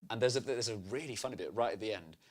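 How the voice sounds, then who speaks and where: A man, a guest on a casual film chat, telling animated stories with quick asides. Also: mid-range voice.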